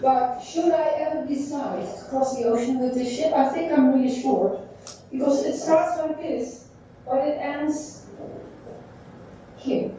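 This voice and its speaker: A woman teacher giving a classroom lecture, thinking aloud in halting phrases while she draws on a board. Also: sits high, warm tone, slight background noise. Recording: echoey dull room sound from far off.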